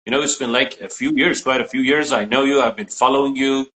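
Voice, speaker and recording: A man's voice: mid-range voice, fairly even intonation, quick pace, fairly bright tone, rough recording. A man joining a live chat as an experienced teacher, polite and eager to take part. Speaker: guest teacher. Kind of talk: casual chat.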